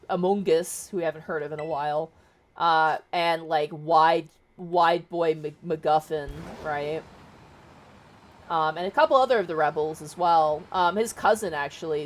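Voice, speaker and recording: Chatty low-voiced woman streamer. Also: a little hiss or hum. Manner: chatty, swearing, rambling with fillers. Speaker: VTuber streamer. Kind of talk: casual book retelling.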